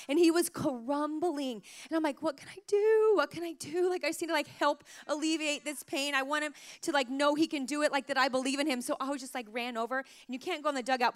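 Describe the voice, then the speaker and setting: Mom in her 30s chatting to camera, high voice, super animated, lots of likes, bit of a sore throat. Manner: animated, emotional, lots of "like" fillers. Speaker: mother sharing parenting stories. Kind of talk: casual storytelling to camera.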